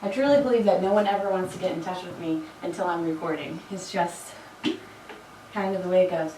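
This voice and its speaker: A woman's voice: lowish voice, fairly even intonation, fairly quick, noisy background. A woman fitness instructor leading a workout, counting reps and chatting between sets, with a slight frog in her throat. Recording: echoey room, mic far off.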